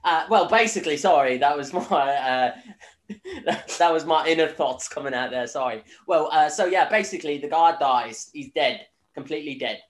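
In an echoey room, a young man from Northern Ireland hosts a podcast and chats loosely about a film, full of fillers, curses and laughs. His voice is on the high side and moves at a normal speed.

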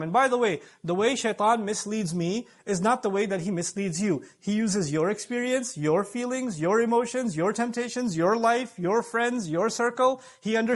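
A man giving an emphatic Friday sermon, explaining points and asking his listeners questions. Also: high voice. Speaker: preacher.

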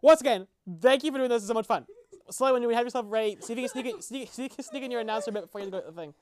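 A woman's voice: a little high, rapid-fire. A young woman hosting a podcast, chatting casually and giggling between takes, stumbling over restarts. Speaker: podcast host directing a radio play reading.

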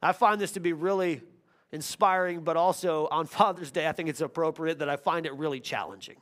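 A pastor preaches a sermon in a notably high voice for a man. He tells his stories earnestly, building to loud stretches and then dropping to near-hushed tones. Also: fairly quick.

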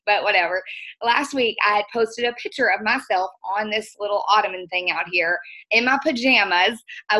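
This middle-aged woman is a guest trainer giving a motivational talk. Her mid-range voice sounds pushed and bright, and she speaks earnestly and emotionally in a folksy manner.

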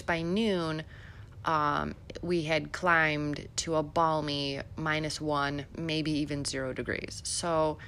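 A woman's voice: low voice, fairly bright tone. A middle-aged woman from Illinois hosting a podcast, giving chatty, sarcastic political commentary with many fillers. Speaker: podcast host.

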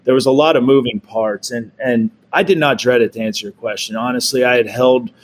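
A man's voice: mid-range voice, steady tone, brisk, a little hiss or hum. Laughing man telling old stories. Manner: laughs often, acts out quoted people. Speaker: guest, former pro football quarterback. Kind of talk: casual storytelling.

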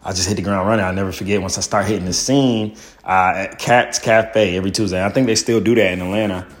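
A man, a stand-up comedian, telling his own story in a loose, profane way full of fillers and "boom". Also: steady tone, fast talker. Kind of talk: casual storytelling.

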